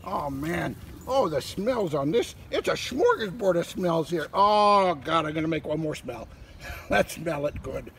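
A man voicing an excitable, crude male dog who rambles and gets distracted by smells on a walk, recorded outdoors from a distance with loud background noise. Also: fairly high pitch, unhurried. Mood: giddy. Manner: giddy, rambling, distractible sniffing talk.

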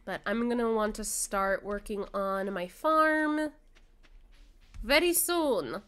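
A young adult woman streaming a farming game, chatting casually and giggling often as she plays. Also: slow pace. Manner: chatty, giggly, lively pitch swings. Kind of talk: casual gameplay chat. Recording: faint game music behind.

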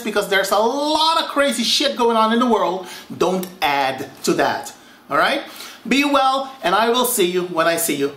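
A man from Suriname hosting a cooking vlog, chatting to viewers as "you guys" with big swings in pitch. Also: fairly bright tone. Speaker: cooking show host.

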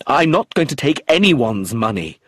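A man voicing an excitable, flustered middle-aged man in an audiobook. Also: mid-range voice, normal speed, husky, no echo, clean studio sound, pitched above the performer's own voice. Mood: agitated. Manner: excited, emphatic.

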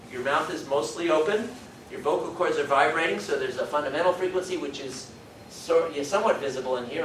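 A man's voice: on the high side, a bit bright, a little hiss or hum. A man giving a university lecture, explaining step by step, thinking aloud and demonstrating vowel sounds. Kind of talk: classroom lecture. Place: lecture hall. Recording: echoey lecture hall from far off.

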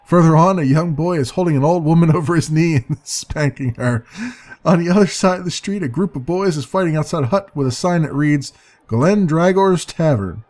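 A man's voice: on the high side, fairly quick, darkish tone. Man reading a text game aloud. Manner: musing, hesitant, chuckling. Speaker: let's play narrator.

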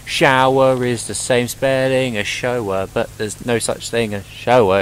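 A man's voice: on the low side, normal speed, fairly bright tone, slight background noise, low-quality recording. A young man commentating his horror gameplay, rambling and joking, swearing often and talking back to the game.

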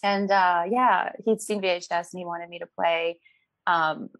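Brief: woman guest, chatty and animated, quick laughs, dry close sound. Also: fairly low pitch, no room sound. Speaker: actress guest. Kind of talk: casual interview chat.

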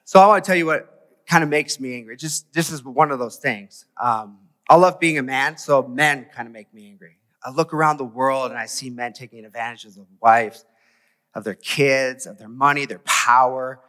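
A man preaches in a loose, conversational way, tossing rhetorical questions at his listeners. His voice sits at an ordinary middle pitch. The sound carries the long reverb of a large church hall. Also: moderate pace, pushed and bright. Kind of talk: sermon. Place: church sanctuary.

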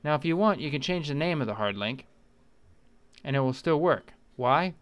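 A man's voice: on the high side, expressive, fairly quick, clear, resonant tone. A man narrating a computer tutorial with comedic, profane tangents. He is irreverent and rambling. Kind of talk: comedic screen-recorded tutorial voice-over.

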